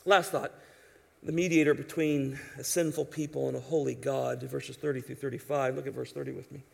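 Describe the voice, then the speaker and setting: A man's voice: mid-range voice, flat delivery, a little fast, creaky, breathy edge. A man preaching an expository sermon in an emphatic, conversational way, asking his listeners rhetorical questions. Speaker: pastor.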